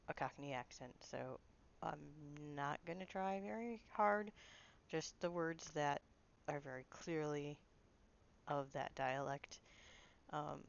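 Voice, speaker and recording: Brief: a low-voiced woman streamer with a dull lo-fi mic, chatty and self-deprecating. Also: vocal fry, slight background noise. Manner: apologetic, chatty, laughs at herself. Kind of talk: casual gameplay chat.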